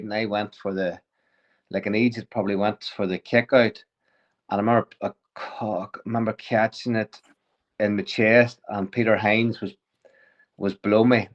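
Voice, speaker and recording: A man, a podcast guest telling a lively story, often chuckling and restarting sentences. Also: lowish voice, highs cut off. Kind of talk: casual storytelling.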